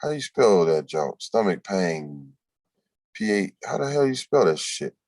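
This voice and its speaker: Man, very low pitch, livestream host, slangy casual talk, dry sound. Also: big pitch swings, fairly quick, a little mellow, no echo. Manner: loose slangy talk, reading chat comments aloud.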